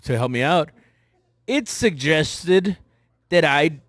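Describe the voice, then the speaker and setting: A man with a South Texas border accent co-hosting a podcast in casual chat, rambling and halting and laughing at himself. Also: fairly high pitch, animated, a bit bright, no echo. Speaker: podcast co-host.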